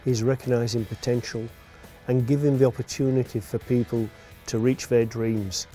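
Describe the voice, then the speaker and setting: A man's voice: medium pitch, fairly even intonation, moderate pace, warm tone, soft background music. A man speaking plainly and proudly in an interview.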